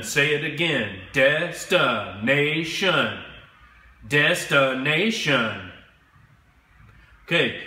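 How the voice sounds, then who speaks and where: A man teaching English to children, speaking slowly and clearly and having them repeat words after him. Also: medium pitch, sharp tone, reverberant. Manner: slow, clear, drills words for repetition. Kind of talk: slow classroom instruction.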